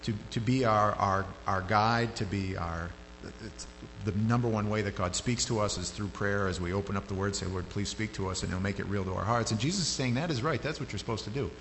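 A man preaching a sermon in a loose, conversational way. His voice jumps up sharply when he gets animated. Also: fairly low pitch, brisk, hardly any pauses. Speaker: pastor. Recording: hall reverb with faint hum.

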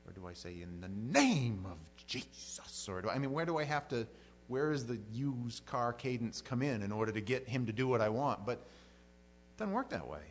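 A middle-aged pastor teaching from the Bible in a folksy, joking way, acting out quotes in silly voices. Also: male voice, medium pitch, animated, brisk.

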